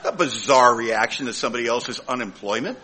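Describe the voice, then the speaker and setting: A man's voice: mid-range voice, animated, fairly quick, bright, forceful tone. A man telling a humorous story about his own recovery, acting out the voices of other people with comic timing. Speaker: recovering alcoholic sharing his story at a meeting. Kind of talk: humorous personal recovery talk.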